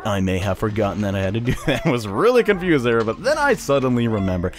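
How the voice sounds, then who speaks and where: Lively, chatty young-sounding let's play guy. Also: mid-range voice, fast. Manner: chatty, self-deprecating, laughs often. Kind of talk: casual gameplay commentary.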